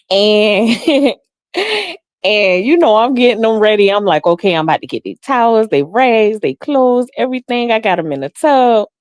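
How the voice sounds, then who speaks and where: This livestream host, a middle-aged woman, comes through in a dry recording with clean studio sound. Her casual storytelling chat mixes reading comments with family anecdotes; she is animated, laughs frequently, and mimics quotes in a high voice.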